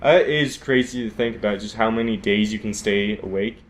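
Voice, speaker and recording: A man's voice: fairly low pitch, a little fast. Laid-back podcast co-host man. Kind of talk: casual chat.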